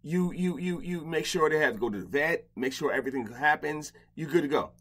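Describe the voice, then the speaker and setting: A man's voice: fairly high pitch, brisk. Blunt, swearing middle-aged man hosting. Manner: blunt, profane and animated. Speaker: podcast host. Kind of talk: casual interview chat. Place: home closet padded with blankets.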